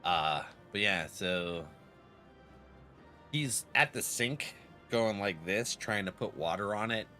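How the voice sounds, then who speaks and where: Guy streaming a game with a cold, laughs a lot, voice all over the place, soft music in the back. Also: lowish voice, lively intonation, takes it slowly, pauses often. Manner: laughs often, acts out friends' lines in a raised voice. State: has a cold. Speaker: gaming streamer. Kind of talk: casual stream chat.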